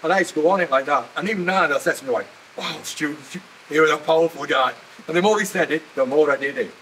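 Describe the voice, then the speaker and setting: Animated older tour guide man. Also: on the high side, racing, a little hiss or hum, rough recording. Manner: animated storyteller, laughs at himself. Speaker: museum guide and former miner. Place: indoor mining museum.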